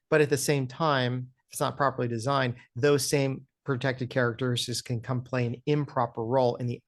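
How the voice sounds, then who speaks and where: A man explaining things earnestly as a guest on an interview show, often checking in with "right?" and restarting his words. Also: mid-range voice.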